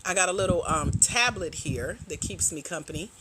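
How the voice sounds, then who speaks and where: A woman hosting a casual livestream as a grant coach, animated and slangy, teasing her viewers and laughing often. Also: on the low side, moderate pace, background noise.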